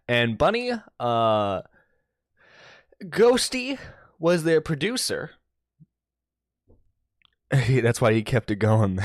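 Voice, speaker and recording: A man's voice: medium pitch, no room sound, clean studio sound. A male internet radio host chatting casually to his stream, gossiping, laughing and reading posts aloud.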